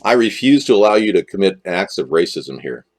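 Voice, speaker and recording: Rambling man live-streaming with lively pitch. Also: fairly quick. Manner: rambling, jokey, jumps into exaggerated voices. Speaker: livestream host.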